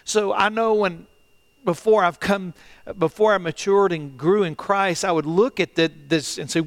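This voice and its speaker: A middle-aged man preaching a sermon as pastor, earnest and halting, often repeating phrases and swinging between loud and hushed delivery. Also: high-pitched. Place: church, online service.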